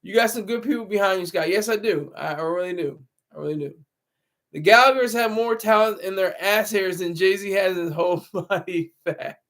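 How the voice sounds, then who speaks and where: This high-voiced man talks fairly quickly with a fairly bright tone, hosting a casual livestream via a laptop camera mic. Rambling and often laughing, he keeps answering his chat.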